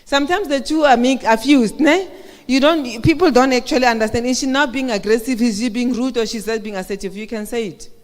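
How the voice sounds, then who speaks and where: A woman's voice: fairly high pitch, a little fast. A woman giving a motivational talk at a women's conference, speaking conversationally and often asking the audience questions. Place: conference hall. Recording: echoey hall with long reverb.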